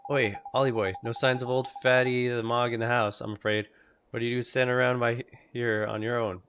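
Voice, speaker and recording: A man's voice: mid-range voice, little pitch movement, a little fast, a bit bright, lightly acted. Guy voicing a chatty fairy, cheeky and bossy, game music under it. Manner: cheeky, bossy, slangy banter. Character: small lantern-nosed fairy sidekick, cheeky and chatty. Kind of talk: video game voice acting.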